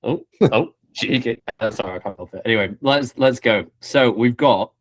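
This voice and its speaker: A young man hosting a podcast, chatting casually with lots of swearing, restarts and bursts of excitement. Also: medium pitch, normal speed. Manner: swears freely, animated, many restarts. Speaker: podcast host. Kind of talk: casual chat.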